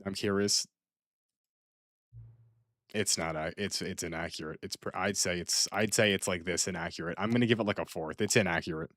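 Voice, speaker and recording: A man's voice: low-pitched, steady tone, brisk, a bit bright, no room sound. Rambling, playful man streaming a game. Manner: rambling, playful, repeats himself. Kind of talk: casual gaming stream commentary.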